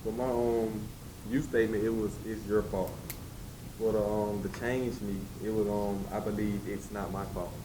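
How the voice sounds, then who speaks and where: A man's voice: on the low side, flat delivery, moderate pace. A man in a workshop audience sharing an answer, hesitant, with ums, heard from a distance. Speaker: workshop participant. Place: classroom audience. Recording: distant voice over a murmuring crowd.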